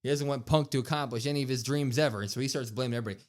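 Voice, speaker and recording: A man's voice: mid-range voice, rapid-fire. A man co-hosting a wrestling podcast, recapping an episode in casual chat and acting out the quotes with a raised voice. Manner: animated, acts out quotes with raised voice. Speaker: podcast co-host.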